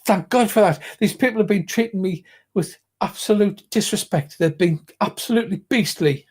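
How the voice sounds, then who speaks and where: A man's voice: high voice, normal speed, a little mellow, slightly rough, voice pushed up. A man voicing a haughty noblewoman lawyer who is indignant and demanding, in a posh, outraged manner.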